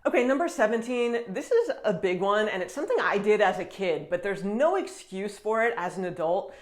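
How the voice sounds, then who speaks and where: An American woman talking casually to camera as a vlogger, chatty and animated, with frequent quick laughs. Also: medium pitch. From United States.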